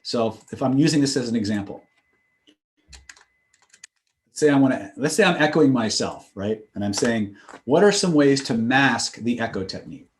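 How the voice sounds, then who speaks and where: A man's voice: mid-range voice, expressive, moderate pace, pauses often. A man teaching a live online class, explaining with casual asides and checking in with listeners. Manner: explanatory, demonstrates phrases with shifting tone and tempo; conversational, frequent "right?" check-ins. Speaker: instructor.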